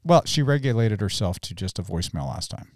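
A man co-hosts a church podcast in loose, joking conversation. His voice is mellow and relaxed, with playful leaps in pitch. The sound is dry and close. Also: no room sound. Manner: jokey and animated, quick pitch jumps. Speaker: podcast co-host, church staff. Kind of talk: casual chat.

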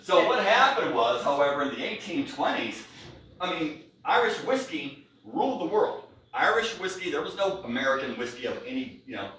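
A man's voice: fairly high pitch, very animated, normal speed, sharp tone, recorded from a distance, a little hiss or hum. A man presenting a whiskey tasting to a live audience, chatty and jokey, with many fillers. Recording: echoey room, recorded from afar.

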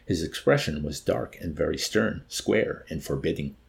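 A man reading a novel aloud as an audiobook narrator, measured and expressive. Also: rumbling low, vocal fry. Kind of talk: scripted narration.

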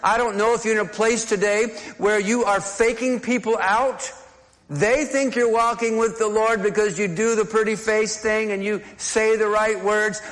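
A man's voice: sits high, fairly bright tone, in a large hall. A man preaching a sermon as pastor, talking conversationally and often restarting and repeating words.

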